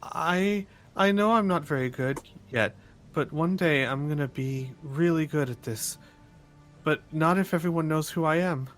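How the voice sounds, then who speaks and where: A man's voice: on the high side, measured pace, fairly bright tone, faint music behind, pitched above the performer's own voice. A man voicing a nervous young boy who keeps a store and hides big ambitions. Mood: eager, secretive. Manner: eager, nervous, secretive.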